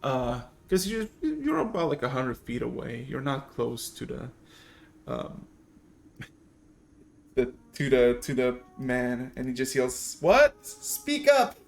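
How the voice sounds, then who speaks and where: Slow, hesitant game master man. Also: mid-range voice, expressive, gravelly. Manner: hesitant, many fillers. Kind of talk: narrating a tabletop game.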